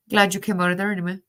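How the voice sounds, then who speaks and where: A woman's voice: mid-range voice, fairly bright tone. A woman with a Cork Irish accent chatting casually on a live stream, laughing often and swearing freely while reviewing a tarot deck. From Ireland.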